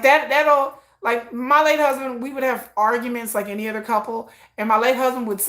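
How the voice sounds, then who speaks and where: A middle-aged livestream host with a slightly high, fairly bright voice chats casually. She rambles, makes fun of herself, and acts out both speakers in remembered exchanges.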